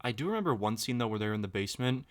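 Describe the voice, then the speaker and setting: A man's voice: mid-range voice, rapid-fire. A young man co-hosting a podcast, retelling a scene with crude swearing and lots of energy. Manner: excitable retelling, crude swearing, acts out quotes. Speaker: podcast co-host. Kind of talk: casual podcast chat.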